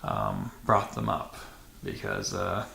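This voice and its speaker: A man's voice: low-pitched, very animated, slow, vocal fry, bright, forceful tone. A man hosting a dirt bike vlog, talking casually to camera with many fillers and restarts in a matter-of-fact way. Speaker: channel host. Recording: echoey room with faint noise.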